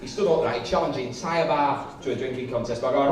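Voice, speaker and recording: A man's voice: medium pitch, fast talker, hardly any pauses, far from the mic. A young man doing a stand-up set, chatty and self-mocking, swearing freely, with an audience laughing. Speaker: stand-up comedian. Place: comedy club with a live audience. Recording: echoey room, mic from afar.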